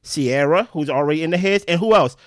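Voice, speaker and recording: Animated man with a dry close-mic sound. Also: fairly high pitch, dry recording. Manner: animated, fast, theorizing with repeated "right?". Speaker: podcast co-host. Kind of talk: casual recap chat.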